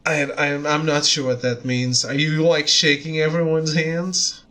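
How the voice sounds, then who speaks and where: A man's voice: a little high, level tone, measured pace, bright, forceful tone. A young man chatting casually while streaming a game, joking and self-deprecating and laughing often. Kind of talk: casual chat over gameplay. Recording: faint game music behind. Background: game music.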